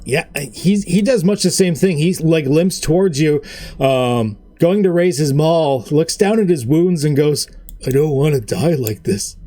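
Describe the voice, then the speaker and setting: A man's voice: fairly high pitch, expressive, warm tone. A man running a tabletop game as game master, narrating with rambling asides. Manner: rambling, quick asides with fillers.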